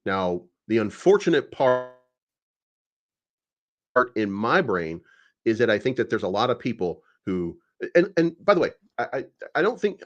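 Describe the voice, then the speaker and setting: A man from Kentucky in casual debate, talking bluntly and profanely with lots of energy. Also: fairly low pitch. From Kentucky, USA. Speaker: guest.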